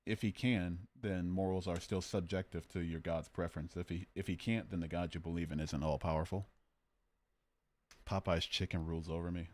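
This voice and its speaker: Man, very low voice, casual streamer, argumentative, jokey. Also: fairly even intonation, normal speed, darkish tone. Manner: argumentative, joking, reads chat aloud. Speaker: livestream host. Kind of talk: casual debate chat.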